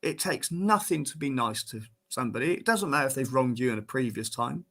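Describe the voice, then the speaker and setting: English bloke telling cricket stories, gravelly, opinionated. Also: male voice, medium pitch, animated, a little fast, a bit bright. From England. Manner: blunt, opinionated storyteller. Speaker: guest, disability cricketer. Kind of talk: casual interview chat.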